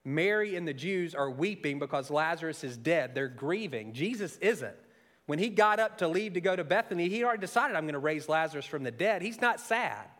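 A man preaching a sermon, moving between soft, intimate asides and raised, emphatic storytelling. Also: high voice, lively intonation, normal speed. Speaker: pastor.

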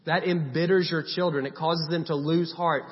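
A man's voice: fairly high pitch, fairly even intonation, normal speed. A man preaching a sermon in a conversational way, stressing points by repeating short commands. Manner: conversational preaching with emphatic repetition. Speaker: pastor. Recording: long hall reverb, dull sound.

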